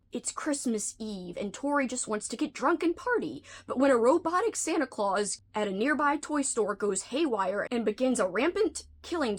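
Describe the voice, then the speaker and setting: A woman hosting a casual vlog, chatting in a playful, talkative way and slipping into whispered asides now and then. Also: fairly high pitch. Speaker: video host.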